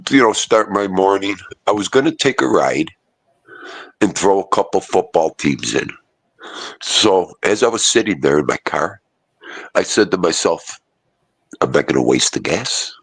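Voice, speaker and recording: A man chatting casually on a phone call, telling animated stories and cursing often. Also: deep voice, measured pace, dry recording. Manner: gruff, animated storytelling with cursing. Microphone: phone line.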